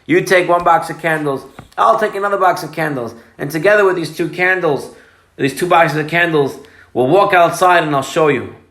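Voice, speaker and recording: A man voicing a wise, patient third son who speaks calmly and quietly. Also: on the high side, normal speed. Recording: roomy echo.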